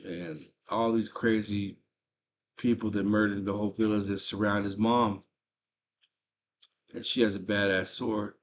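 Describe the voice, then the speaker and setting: A man casually retelling a movie's plot as a host, animated and slangy, with lots of fillers. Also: on the low side, measured pace, long pauses.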